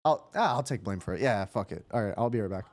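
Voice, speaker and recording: A man's voice: fairly low pitch, animated, fast. A young man chatting casually to his stream chat, rambling, correcting himself and swearing offhand. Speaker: streamer hosting a watch party.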